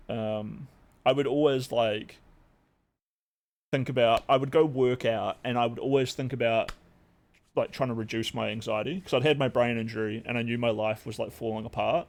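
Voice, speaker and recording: A man's voice: mid-range voice, gravelly. A young man, streaming and chatting casually, rambling with lots of fillers and swearing. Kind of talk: casual live-stream chat.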